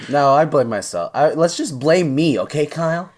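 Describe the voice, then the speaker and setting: A man's voice: on the high side, lively intonation, moderate pace. A man co-hosting a podcast in casual, self-deprecating joking chat. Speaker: podcast co-host.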